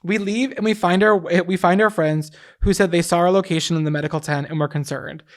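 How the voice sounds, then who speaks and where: A woman co-hosting a podcast, reading listener stories and adding emphatic, animated commentary. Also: lowish voice, a little fast. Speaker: podcast co-host. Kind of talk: casual chat, reading listener stories aloud.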